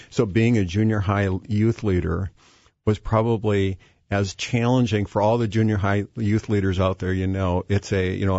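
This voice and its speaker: A man's voice: lowish voice, darkish tone, dry recording. A man guest talking about faith in a hesitant way, with many fillers and restarts. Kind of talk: faith-based conversation. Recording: dull, dry lo-fi sound.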